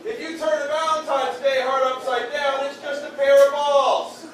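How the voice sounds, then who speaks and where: High-voiced man doing stand-up, echoey hall. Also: level tone, normal speed. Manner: crude one-liners, heckles the crowd. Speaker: stand-up comedian. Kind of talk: stand-up comedy set. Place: stage in a beer hall. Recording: echoey room from far off, bar noise.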